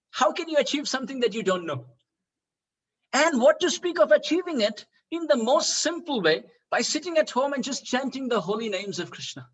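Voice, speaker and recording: A man's voice: very high voice, a bit bright, breathy edge, poor audio. A man giving a devotional lecture, asking rhetorical questions and chuckling often. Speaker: spiritual speaker.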